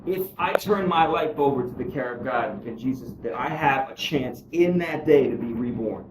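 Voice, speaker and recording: A man giving candid spoken testimony about his recovery, earnest and self-deprecating, dropping low and quiet, then climbing high and excited as he tells the story. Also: moderate pace, roomy sound, recorded from a distance, slight background noise, rough recording. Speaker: guest speaker sharing his recovery story.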